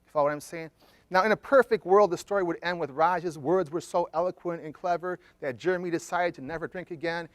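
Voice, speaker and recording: Middle-aged guy therapist telling a story to a room, acts out all the quotes, kinda high voice, dry close sound. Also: no echo. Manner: animated storyteller, acting out quoted dialogue. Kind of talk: storytelling talk to an audience. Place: conference room.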